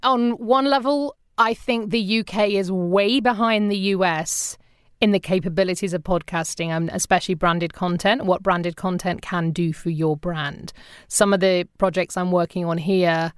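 British woman, lively interview guest, acts out quotes, dry close sound. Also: fairly low pitch, moderate pace, clear, resonant tone, no echo. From Britain. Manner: animated storyteller, acts out quoted people. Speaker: podcast producer, guest. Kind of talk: casual interview chat.

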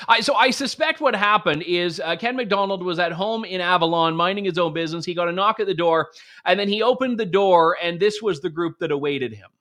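Man, Canadian, political commentator, sarcastic, high-pitched. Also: animated, brisk, fairly bright tone. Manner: sarcastic, jokey. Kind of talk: opinion commentary.

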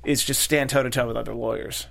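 A man's voice: mid-range voice, steady tone, fast talker, vocal fry, fairly bright tone. A man co-hosting a casual show recap, joking and laid-back, sometimes fumbling for names. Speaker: podcast co-host. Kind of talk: casual chat.

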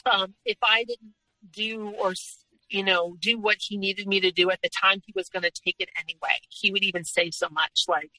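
A woman's voice: medium pitch, steady tone, moderate pace, sharp tone, no echo, rough recording. A woman speaking as an interview guest, telling her personal story frankly and candidly in conversation.

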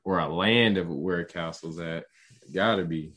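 A young man co-hosting a casual podcast, excitable and slangy as he reacts to a show. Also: sits low, unhurried. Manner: excitable, slangy, rises sharply when enthused. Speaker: podcast co-host. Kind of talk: casual podcast recap chat.

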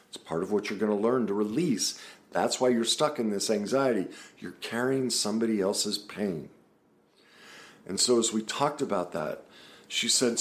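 A man with a very low voice speaks in a relaxed, casual way straight to the camera. He sounds like a therapist, earnest and explaining things step by step.

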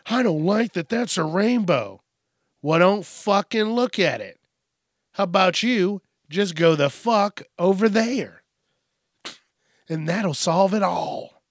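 Slow, profane ranting man with a dry sound. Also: fairly high pitch, gravelly, dry recording. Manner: profane, sarcastic, exasperated. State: drinking beer. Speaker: host. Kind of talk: ranting news commentary.

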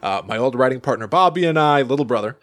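Chatty male podcast host mid-story. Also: mid-range voice. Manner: animated, halting storyteller with many restarts and laughs. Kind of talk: casual storytelling chat.

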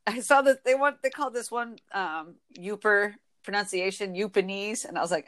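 A woman in her twenties from Michigan with an Inland North accent, chatting casually as a podcast host, a bit nasal and quick to laugh. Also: mid-range voice. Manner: chatty, laughs often, quick when excited. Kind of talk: casual chat.

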